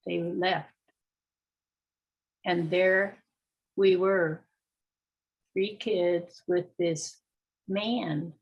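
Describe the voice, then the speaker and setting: An older woman with a husky, breathy voice tells a personal story to a live group. She speaks slowly and leaves room between phrases, then breaks into sudden high exclamations. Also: fairly even intonation, lo-fi sound. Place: storytelling gathering.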